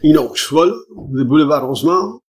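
A man's voice: a little high, lively intonation, moderate pace, close to an everyday voice. A man voicing a shrewd, amused French detective with a dry, teasing manner. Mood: wry.

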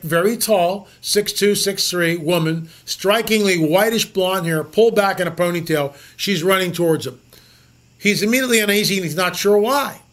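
A man's voice: high-pitched, fairly bright tone. A man hosting a show, telling stories in an emphatic monologue full of repeated words and rhetorical questions. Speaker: show host. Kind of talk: storytelling monologue.

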